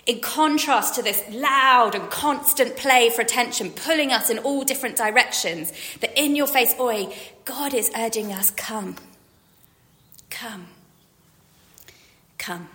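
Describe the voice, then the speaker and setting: A woman's voice: on the high side, normal speed, pushed and bright. A woman in her forties giving a chatty, self-deprecating sermon, acting out quotes. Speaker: preacher. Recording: hall reverb.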